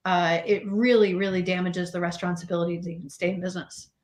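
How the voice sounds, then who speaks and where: Animated woman in echoey room. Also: fairly low pitch, quick pace. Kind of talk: casual panel discussion.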